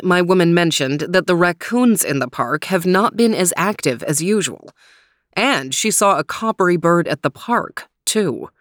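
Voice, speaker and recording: A methodical male dog detective lays out his clues in formal, precise sentences, as a woman narrator puts him on. The voice sits low and the sound is dry. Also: a bit bright, no room sound.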